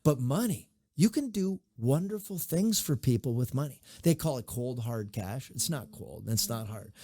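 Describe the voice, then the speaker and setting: A man's voice: mid-range voice, normal speed, no room sound, studio quality. A middle-aged man, a mayor, giving advice in a conversational interview, telling stories and acting out the people he quotes. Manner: animated storyteller, acts out quoted voices.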